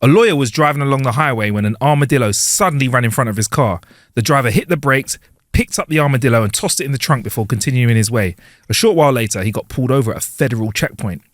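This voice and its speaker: A man's voice: mid-range voice, lively intonation, fast talker, no echo, studio quality. A man co-hosting a casual podcast, telling jokes and acting out the voices, laughing often. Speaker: podcast co-host. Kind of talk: casual joke-telling chat. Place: home studio. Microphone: wireless clip-on mic.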